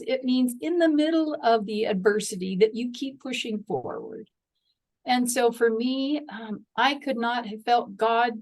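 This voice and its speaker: A woman's voice: mid-range voice, darkish tone, low-quality recording. A middle-aged woman, a podcast guest, telling a heartfelt personal story of loss and faith in an earnest way, reading scripture aloud with feeling.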